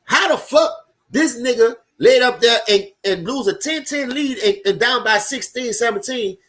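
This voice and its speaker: A man with a New Orleans accent, hosting a casual live sports stream, talking loud and profane and chatting with his viewers as he reacts to the game. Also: very high-pitched, animated, normal speed. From Louisiana.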